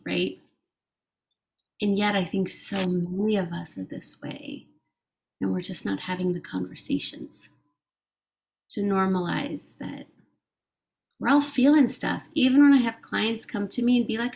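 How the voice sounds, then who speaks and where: A woman guest on a podcast in casual conversation, speaking in a soft, gentle and reflective way. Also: mid-range voice, animated, unhurried, gravelly. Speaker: podcast guest, intuitive reader.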